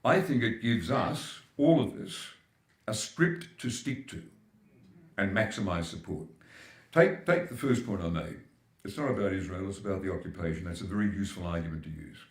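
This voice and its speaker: A man's voice: sits low, animated, normal speed, vocal fry, roomy sound. An older Australian man giving a keynote speech at a public forum, emphatic and building his points with repetition. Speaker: keynote speaker. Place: large hall at a live forum.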